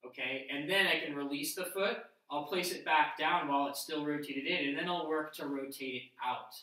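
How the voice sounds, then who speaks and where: A man's voice: fairly high pitch, normal speed, pushed and bright. Man explaining exercises in an echoey room. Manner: talks while demonstrating moves, explaining step by step. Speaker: fitness instructor. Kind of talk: instructional workout demo. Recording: very echoey room, mic at a distance.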